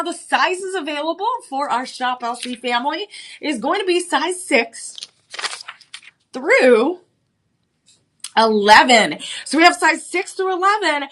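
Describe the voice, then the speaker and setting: A young adult woman hosting a live shopping channel, pitching jewelry with bubbly enthusiasm and lots of repetition. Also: a bit bright. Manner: enthusiastic, repetitive, peppered with "again" and restarts.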